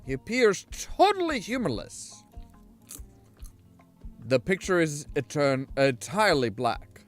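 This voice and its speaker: A man's voice: fairly high pitch, wildly swooping pitch, takes it slowly, faint music behind. A man reading a video game's text aloud, chatty, with asides and restarts. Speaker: game streamer.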